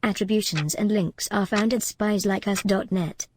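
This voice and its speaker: A woman's voice: medium pitch, fairly even intonation, moderate pace, natural voice. A woman doing a female computer assistant. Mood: announcing. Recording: noisy with clicks.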